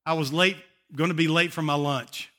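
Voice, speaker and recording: Bright-voiced older male pastor. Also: on the high side, normal speed. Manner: animated, emotional storytelling with frequent laughs. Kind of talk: sermon with personal storytelling.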